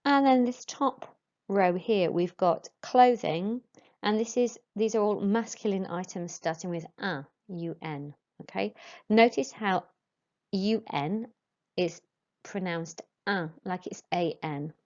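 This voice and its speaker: A woman, teaching French to pupils and modelling each word slowly and clearly. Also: mid-range voice, darkish tone. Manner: slow, careful modelling of pronunciation for pupils. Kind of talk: recorded classroom lesson. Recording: dull lo-fi recording.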